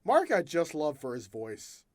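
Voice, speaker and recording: A man's voice: fairly high pitch, wildly swooping pitch, unhurried, a little mellow, no room sound, studio quality. A man hosting a casual podcast chat, giggly and self-deprecating. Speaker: podcast host.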